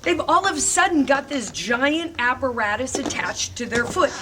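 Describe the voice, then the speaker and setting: Upbeat woman skating coach, slightly high. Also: lively intonation, normal speed, distant mic, noisy background. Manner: upbeat, emphatic, chanting cheers. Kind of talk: instructional talk to parents. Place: roller rink.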